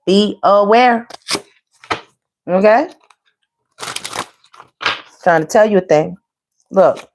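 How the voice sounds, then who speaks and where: A woman giving a casual tarot reading, sassy and animated, full of slang and calling the viewers "baby" and "y'all". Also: on the low side, takes it slowly, pauses often, slight background noise. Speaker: tarot reader.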